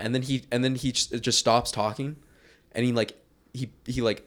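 A man's voice: mid-range voice, little pitch movement, a little fast. A young man co-hosting a podcast, telling rambling, profane school stories in casual chat with lots of restarts. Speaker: podcast co-host.

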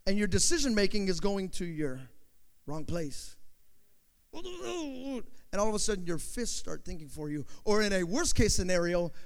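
High-voiced animated male preacher. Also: long reverb tail. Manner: animated, asks the crowd questions, acts out quotes. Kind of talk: sermon storytelling.

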